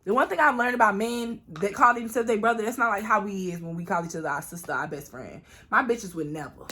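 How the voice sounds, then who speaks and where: A woman from Florida spins a wild storytime for her viewers, loud and profane. She leans into asides to the audience and jumps high in pitch whenever she acts out what someone said. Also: fast. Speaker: vlogger. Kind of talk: storytime vlog, casual storytelling.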